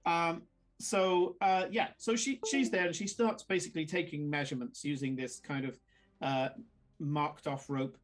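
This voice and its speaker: A man narrating a tabletop game as game master, in a halting, filler-heavy way. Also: fairly high pitch, fairly even intonation. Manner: halting, lots of fillers and restarts.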